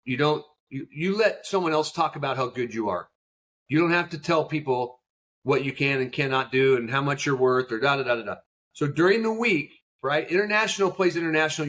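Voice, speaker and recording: A youth baseball coach with a mid-range voice answers questions as a podcast guest, telling stories in an animated way and acting out the quotes.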